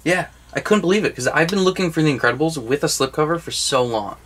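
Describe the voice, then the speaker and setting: A man's voice: fairly high pitch, expressive, fast talker, fairly bright tone. A young man co-hosting a casual movie collection video, talking enthusiastically and rambling, with casual swearing. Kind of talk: casual chat.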